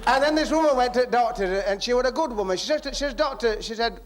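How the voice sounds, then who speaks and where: A man's voice: very high-pitched, lively intonation, racing, crowd noise, noisy background. A man telling jokes on stage, chatty and acting out both sides of the dialogue. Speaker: stand-up comedian.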